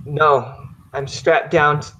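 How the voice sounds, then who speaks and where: A man's voice: a little high, fairly even intonation, slow, bright, forceful tone, exaggerated voice. A man voicing a frightened homeless man held captive, talking in panicky broken phrases. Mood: panicked.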